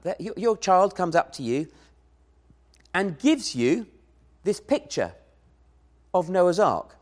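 A man preaching a sermon, telling a Bible story in an animated way and acting out the voices he quotes. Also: a little high.

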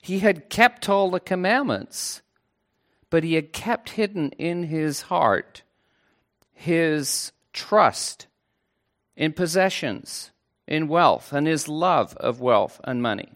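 A man preaching a sermon to a congregation, earnest and unhurried, with playful asides. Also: fairly high pitch, lively intonation, fairly bright tone.

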